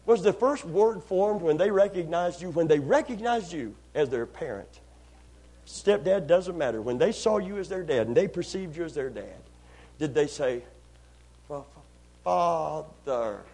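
A man's voice: a little high, lively intonation, breathy edge. A man preaching a sermon to a church congregation, calling for responses and stretching out key lines for emphasis. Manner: rises to loud, drawn-out emphasis on key lines. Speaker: pastor.

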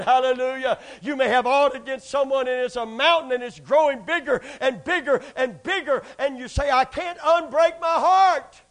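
A man preaching a sermon, swinging between shouted peaks, whoops and hushed passages. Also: high-pitched.

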